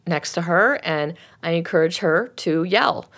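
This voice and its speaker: Animated woman telling a workshop story. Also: fairly low pitch, measured pace. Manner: animated, acts out the voices in her stories. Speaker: anger and forgiveness workshop leader. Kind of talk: storytelling in a conversation.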